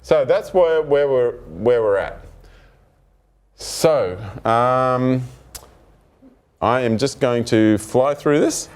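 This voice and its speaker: A man's voice: medium pitch, drawn-out words, long pauses, clean tone. A man presenting a developer talk and telling a workplace story with acted-out dialogue. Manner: animated storytelling, acts out dialogue. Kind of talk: technical talk to an audience.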